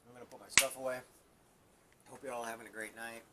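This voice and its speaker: A man's voice: mid-range voice, level tone, fast, very noisy. A man who is a former Marine sergeant, telling a rambling story on a live stream with repeated words and laughter.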